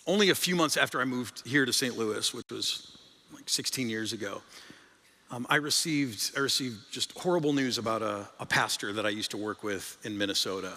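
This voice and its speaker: A man preaching a sermon as pastor, conversational and often restarting words, his voice climbing and swelling for emphasis. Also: sharp tone. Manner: conversational, rises in pitch and volume for emphasis, repeats words. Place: church sanctuary. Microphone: stage microphone. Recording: long reverb of a large hall.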